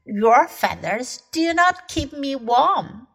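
Casting: a plain-spoken frontier man in a storybook, read by a woman in a high, lively voice. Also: slow, gravelly, exaggerated voice.

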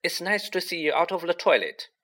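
A fretful teenage girl who talks quickly and eagerly in a raised voice, as a man puts her on in a storybook reading. The tone is bright and animated. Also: fairly high pitch, pitched above the performer's own voice, full character voice. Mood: falsely bright. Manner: quick, anxious and eager to please. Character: anxious, earnest teenage schoolgirl.

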